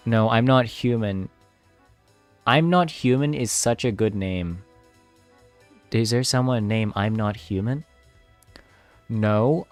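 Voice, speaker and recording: A young man live-streaming his game coding, chatting casually with viewers, easily distracted and laughing often. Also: fairly low pitch.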